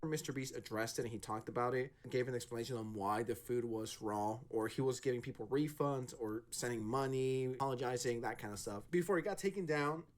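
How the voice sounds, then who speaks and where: A man's voice: mid-range voice, brisk, few pauses. A man streaming, giving casual reaction commentary and laughing at his own asides.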